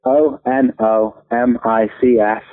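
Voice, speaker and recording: A man, a guest on an interview, talking with halting, stammering restarts. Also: medium pitch, steady tone. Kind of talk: casual interview chat. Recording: phone line.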